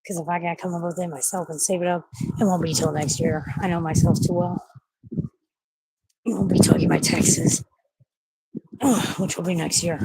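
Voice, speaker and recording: A woman's voice: lowish voice, steady tone, moderate pace, pauses often, dark tone, husky, dry recording, rough recording. A woman in her thirties chatting casually on a livestream, blunt and talkative, swearing freely. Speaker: streamer.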